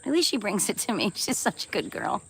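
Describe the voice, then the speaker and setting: A woman's voice: medium pitch, a little fast, a bit bright, husky, rough recording. A woman chatting casually on her live stream, playful and laughing often as she reads and answers viewer comments, swearing now and then.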